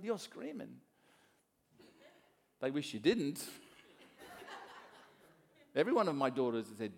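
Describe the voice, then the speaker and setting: A middle-aged man from Australia preaching a sermon as a pastor, swinging between soft asides and loud emphasis. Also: medium pitch, very animated, a little slow, creaky, long pauses.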